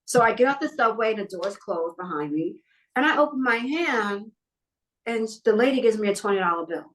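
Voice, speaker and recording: A middle-aged New York woman, a talent manager appearing as a guest, tells personal stories in a casual interview, animatedly acting out the people in them. Her voice is fairly high and a little fast.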